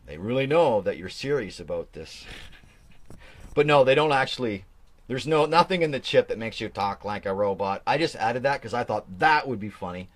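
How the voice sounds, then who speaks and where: A man's voice: mid-range voice, expressive, normal speed, slight background noise. A man hosting a casual live stream, rambling and joking, often restarting his sentences. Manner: rambling, self-correcting, jokey. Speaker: host.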